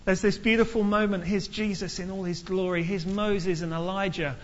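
A man preaching a sermon in a lively storytelling manner, acting out the people in the story. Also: high-pitched, normal speed, hardly any pauses, muffled recording, a little hiss or hum. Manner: lively storytelling, acts out characters.

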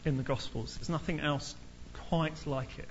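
A man preaching a sermon in a lively storytelling manner, acting out the people in the story. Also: on the high side, moderate pace, vocal fry, lo-fi sound, a little hiss or hum. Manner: lively storytelling, acts out characters.

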